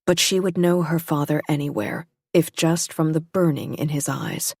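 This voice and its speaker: A woman reads a novel aloud in a measured, even way. Her voice sits low and sounds husky. The sound is dry and close. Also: dry recording. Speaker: audiobook narrator. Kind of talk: scripted narration.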